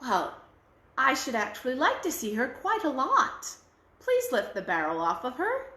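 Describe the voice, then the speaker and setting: A woman's voice: high voice, wildly swooping pitch, normal speed, sharp tone, roomy sound, heavily acted. A woman voicing a polite, gallant male knight who speaks in a formal, courteous manner. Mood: courtly.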